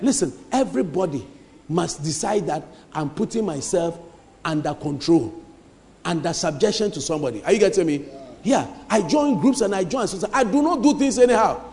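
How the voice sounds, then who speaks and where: A man preaching an emphatic sermon in a church, repeating lines and rising to shouts. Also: high-pitched, lively intonation, a little fast, slight background noise. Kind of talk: lively sermon. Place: church hall. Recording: reverberant church hall.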